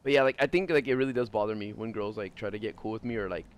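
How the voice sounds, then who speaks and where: A man's voice: on the low side, very fast. A young man streaming, talking casually in a blunt, profane, rambling way full of fillers. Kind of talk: casual livestream chat.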